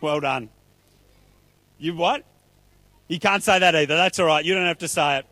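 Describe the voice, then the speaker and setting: Playful man with a high voice. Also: moderate pace, bright, forceful tone, no echo. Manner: chatty, playful, upbeat. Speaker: children's speaker at church. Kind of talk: children's talk with audience play.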